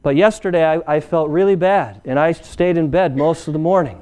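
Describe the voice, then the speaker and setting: A man delivering a sermon in a smooth, resonant voice that sits a little higher than most men's. He talks to his congregation conversationally and keeps pausing to ask them to fill in the next word. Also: darkish tone. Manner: conversational preaching with call-and-response questions. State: recovering from illness. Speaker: preacher.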